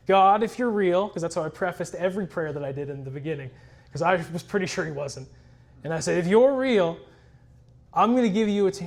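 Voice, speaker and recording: Man, high voice, earnest church testimony. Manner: earnest, reflective storytelling. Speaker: church member giving a testimony. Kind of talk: personal testimony.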